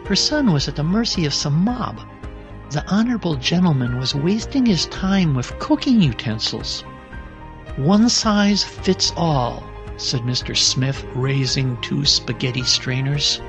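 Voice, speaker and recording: A man reading a short comic story aloud at a brisk storytelling pace. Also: fairly high pitch, animated, a bit bright, soft background music. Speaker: reader of short fiction. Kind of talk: reading flash fiction aloud.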